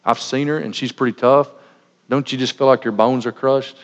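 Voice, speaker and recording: A man's voice: mid-range voice, fairly even intonation, normal speed. A middle-aged man preaching a sermon, folksy and joking, acting out little everyday scenes. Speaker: pastor. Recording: dull sound with long reverb in a large hall.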